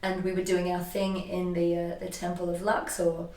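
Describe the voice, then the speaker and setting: Woman storyteller, emotional and animated, frequent restarts, echoey, far from mic. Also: fairly low pitch, normal speed. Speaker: guest, energy healer. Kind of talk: casual conversation, personal storytelling. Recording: echoey room, voice from a distance.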